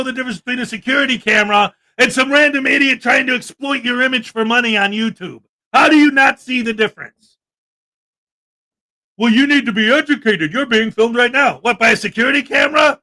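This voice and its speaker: A man's voice: very high voice, a little fast, pushed and bright. A man hosting a livestream, delivering sarcastic, indignant commentary and firing back at chat comments. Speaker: livestream host.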